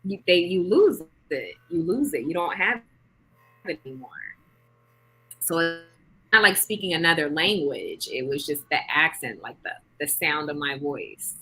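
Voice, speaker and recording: Woman with a low voice but bright tone, talks loose with lots of likes, hosting a chat. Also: lively intonation, moderate pace, husky, faint music behind, rough recording. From England. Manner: chatty, lots of "like" fillers. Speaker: host. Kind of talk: casual group chat.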